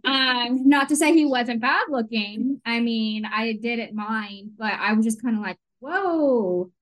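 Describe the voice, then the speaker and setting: A woman telling a funny office story in a lively, giggly way. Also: a little high, measured pace, rough recording. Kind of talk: casual chat, storytelling.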